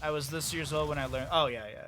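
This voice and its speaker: A man's voice: fairly high pitch, fast talker, over music. Chatty young man casting a game. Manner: chatty, jumps from banter to excited play-by-play. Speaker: esports caster. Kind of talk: solo game commentary.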